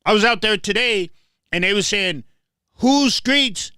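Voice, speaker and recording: A man's voice: high-pitched, moderate pace, sharp tone, smooth, no echo, studio quality. A man hosting his show, talking in a casual commentary monologue, emphatic and repeating phrases as he restarts them. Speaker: show host.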